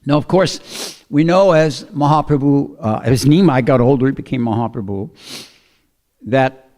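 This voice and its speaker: A man giving a storytelling sermon in a relaxed, conversational way, with fillers and throat clearing. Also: a little high. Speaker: speaker giving a scripture talk.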